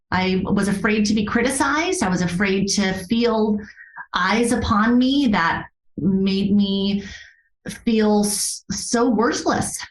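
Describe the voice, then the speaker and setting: A woman being interviewed as a yoga therapist, telling a personal story in an earnest, animated way and laughing often. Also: on the high side. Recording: roomy echo.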